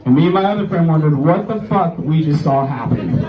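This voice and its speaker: A man's voice: a little high, animated, brisk. A man in his twenties doing a stand-up set, telling a profane story loosely and laughing at his own jokes. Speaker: stand-up comedian. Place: small bar stage. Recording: roomy, distant, dull live club recording. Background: crowd reactions.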